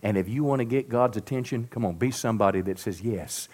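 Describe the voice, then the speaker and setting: A middle-aged man preaching to a church congregation, swinging from loud emphatic peaks to soft drops and calling out to the crowd for responses. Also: fairly low pitch, quick pace. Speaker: pastor. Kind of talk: sermon. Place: church sanctuary.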